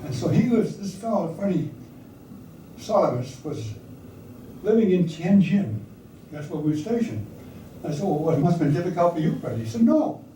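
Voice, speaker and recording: An older man recounts his memories to a room of listeners, chatting and now and then putting questions to them. His voice sits a little high for a man but has a mellow tone. It is picked up from a distance in a roomy, echoing hall. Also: sing-song, moderate pace, long pauses, slight background noise. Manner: anecdotal, conversational, asks audience questions. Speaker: speaker recounting wartime service. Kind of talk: storytelling talk to an audience. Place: hall or meeting room with audience. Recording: echoey room, speaker far from mic.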